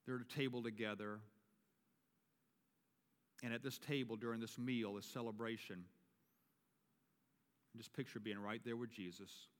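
A man's voice: mid-range voice, fairly even intonation, normal speed, pauses often. Preaching man in a reverberant church. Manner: builds to emphatic preaching, repeats key phrases. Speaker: pastor. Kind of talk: sermon leading communion. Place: church sanctuary. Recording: long reverb of a large church.

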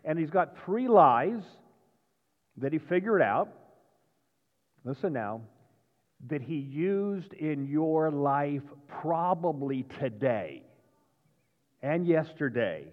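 A male pastor preaching a sermon in a folksy, animated way, sometimes raising his voice. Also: medium pitch. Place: church sanctuary. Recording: dull sound with long church reverb.

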